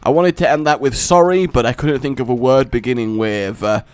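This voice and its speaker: A man giving let's play commentary, exasperated and given to sudden shouts and fits of laughter. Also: medium pitch, a little fast, clear, resonant tone, no echo. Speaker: gaming commentator.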